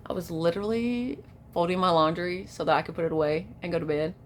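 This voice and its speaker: A woman talking straight to camera in a casual motivational monologue, emphatic and repeating herself, moving between hushed and shouted lines. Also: lowish voice, quick pace, slight background noise. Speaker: vlogger.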